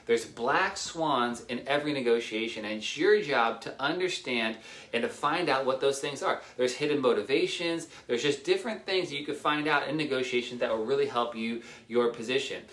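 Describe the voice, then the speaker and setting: A man giving casual real estate negotiation tips, energetic, repeating himself and acting out little dialogues. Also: mid-range voice, moderate pace, roomy sound. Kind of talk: casual talk to camera.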